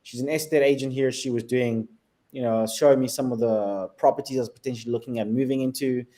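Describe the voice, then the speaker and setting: Animated South African man telling stories. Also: medium pitch, fast. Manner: animated storyteller who laughs often. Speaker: guest videographer. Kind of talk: casual interview chat.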